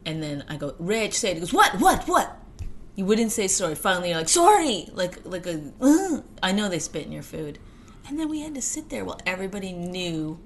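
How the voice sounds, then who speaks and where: A woman's voice: fairly low pitch, slight background noise. A woman co-hosting a comedy podcast, telling a story in a teasing, exasperated way. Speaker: podcast co-host.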